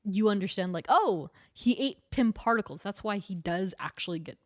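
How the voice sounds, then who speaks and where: A woman's voice: mid-range voice, no room sound. A woman co-hosts a podcast and retells stories animatedly, laughing now and then. Her voice sits in the middle range and the sound is dry and close. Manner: animated, quick storytelling with laughs. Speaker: podcast co-host. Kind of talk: casual chat.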